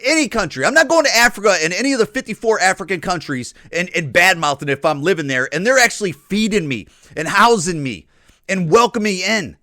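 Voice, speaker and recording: A man talks straight into the mic in a dry, close recording, hosting his own podcast. His voice is fairly high and bright, and his pitch swings widely. He rants bluntly and profanely in loose slang. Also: lively intonation, brisk, dry recording. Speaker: podcast host. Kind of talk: opinionated solo monologue.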